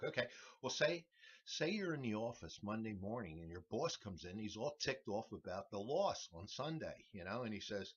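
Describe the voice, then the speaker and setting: A man hosting a comedy show, delivering a rambling deadpan monologue full of restarts and "all right"s. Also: fairly low pitch, fairly quick, breathy edge. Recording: dull lo-fi recording.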